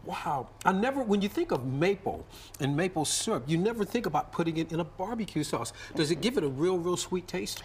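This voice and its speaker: A man's voice: sits high, animated, fairly quick, a little hiss or hum. A man anchoring a live morning TV news segment in a studio, folksy and upbeat, with lots of restarts and "mm-hmm"s.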